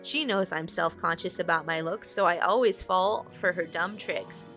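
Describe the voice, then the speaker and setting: A woman's voice: on the low side, moderate pace, a bit bright, soft background music. A woman streamer reading a children's horror book aloud, breaking off for casual, laughing asides.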